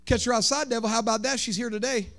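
A man preaching a sermon with rhythmic emphasis, swinging between shouted lines and hushed ones. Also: extremely high pitch, steady tone, quick pace, noisy background.

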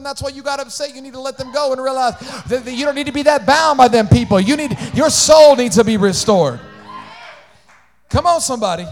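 A man preaching a sermon as pastor, swinging between shouted exhortation and quiet asides, calling out to his congregation. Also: very high voice. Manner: animated preaching, shifts between shouting and hushed asides, call-outs to congregation.

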